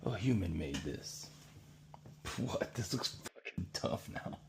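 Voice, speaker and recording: A man's voice: sits low, expressive, takes it slowly, gravelly, noisy background. A man painting and chatting casually to himself, laid-back and rambling as he thinks aloud. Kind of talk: casual commentary while painting.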